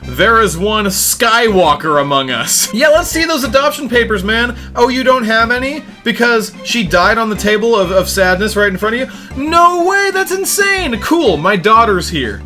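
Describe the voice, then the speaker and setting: Bright-voiced young man ranting sarcastically. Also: very high-pitched, expressive, moderate pace, few pauses. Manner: sarcastic, exasperated, mock-dramatic grieving bit. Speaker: YouTube reviewer. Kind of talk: ranting review monologue. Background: faint music.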